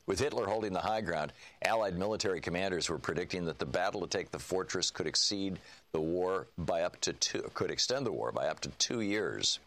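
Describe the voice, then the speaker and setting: A male radio host with a very low voice and a bright, forceful edge. He reads long passages aloud at a steady, measured pace, like a broadcaster presenting a book on air. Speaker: radio talk show host. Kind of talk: radio talk and book reading.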